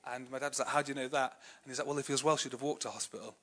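Bright-voiced English preacher, chatty. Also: male voice, mid-range voice, fairly even intonation, racing. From England. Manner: chatty and self-deprecating, many fillers, laughs easily. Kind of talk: sermon with personal storytelling.

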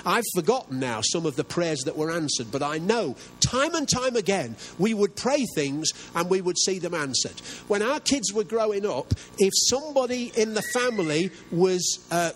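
Older male pastor, emphatic sermon delivery, animated pitch, slightly high voice. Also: a little hiss or hum, rough recording. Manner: earnest, emphatic preaching with rhetorical questions.

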